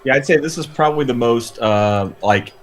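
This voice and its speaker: A man playing in a tabletop game, explaining his character's view in a halting, musing way. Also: medium pitch. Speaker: player.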